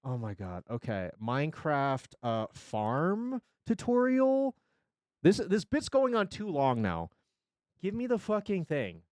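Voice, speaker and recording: Animated, swearing streamer in his forties. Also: fairly high pitch, normal speed, no room sound, studio quality. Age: 40s. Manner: rambling, profane, jokey, reacting to chat. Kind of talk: casual live-stream chat.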